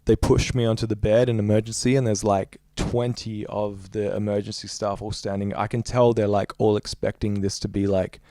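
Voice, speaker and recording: Dark-voiced man telling a story. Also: on the low side, flat delivery, normal speed, hardly any pauses, a little hiss or hum. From Australia. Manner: rambling, heavy use of "like". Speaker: musician guest. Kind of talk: casual interview storytelling.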